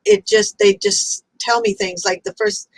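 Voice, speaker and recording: Over a video call, a woman hosts a casual chat, gushing with enthusiasm. Her medium-pitched voice swings widely in pitch at a measured pace, though the audio quality is poor.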